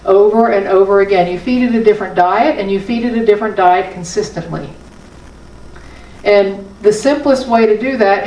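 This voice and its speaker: A woman speaking as a spiritual teacher, her sermon conversational and punctuated by firm, repeated points. She sounds some distance from the microphone, and the room rings with echo around her mid-range voice. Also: medium pitch. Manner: conversational, emphatic, with small laughs. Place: spiritual center hall. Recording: roomy hall from a distance.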